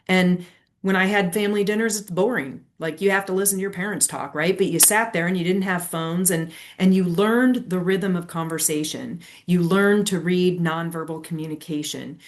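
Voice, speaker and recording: A woman in her forties, a former educator, explaining ideas in a lively conversational interview. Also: on the low side, a little hiss or hum. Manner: animated storytelling with quick asides. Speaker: guest, leadership strategist and former educator.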